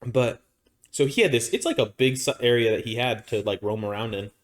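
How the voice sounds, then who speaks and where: A man's voice: mid-range voice, brisk. A man co-hosting a podcast, from Arizona, telling a long story in a casual, rambling way with many restarts and fillers. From Arizona, United States. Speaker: podcast co-host.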